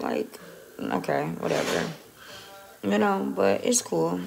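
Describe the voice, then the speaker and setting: Chatty woman with a gravelly voice. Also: fairly low pitch, wildly swooping pitch, unhurried, music in the background. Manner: chatty and rambling, swears often. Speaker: vlogger. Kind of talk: casual phone vlog. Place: dentist office. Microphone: phone held close.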